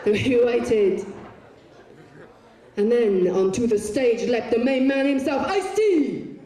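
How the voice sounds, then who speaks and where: Bawdy woman on a stage. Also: medium pitch. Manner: bawdy, swearing, deadpan comic asides. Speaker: poet performing on stage. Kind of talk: live stage storytelling. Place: large concert arena on stage. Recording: echoey arena heard from far off.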